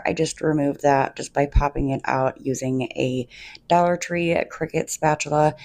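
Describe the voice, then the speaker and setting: Chatty slightly hoarse woman crafter. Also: sits low, a little mellow, dry recording. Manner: chatty, gushing, enthusiastic. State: losing her voice, slightly hoarse. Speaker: DIY home decor creator. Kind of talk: casual craft tutorial voice-over.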